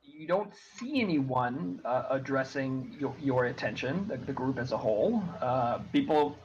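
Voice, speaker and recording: A man narrating as game master of a tabletop game, halting and full of restarts. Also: medium pitch, animated, muffled recording, a little hiss or hum.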